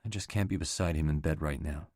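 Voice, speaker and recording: A man's voice: rumbling low, fast talker, darkish tone, no echo, studio quality. A man reading the part of a hurt, defensive young woman in an audiobook. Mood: quiet.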